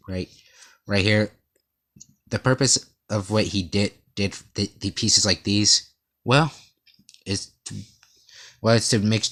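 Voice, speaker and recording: Halting low-voiced man, rambling monotone. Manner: rambling, halting, many restarts and stutters. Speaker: student presenter. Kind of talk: class presentation about an artist.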